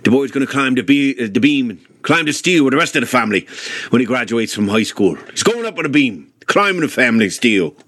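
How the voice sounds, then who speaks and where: A man voicing his stubborn old immigrant Irish grandfather, an ironworker with a deep accent who bluntly dismisses college. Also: big pitch swings, fast talker, a bit bright, no echo, studio quality. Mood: scoffing.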